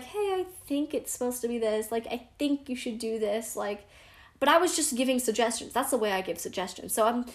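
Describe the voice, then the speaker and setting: A teenage girl with a slightly high voice tells a real-life story in a relaxed vlog style. She is chatty and frank and pokes fun at herself. Her sentences are full of "like". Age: teens. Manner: chatty, frank and self-deprecating, heavy use of "like".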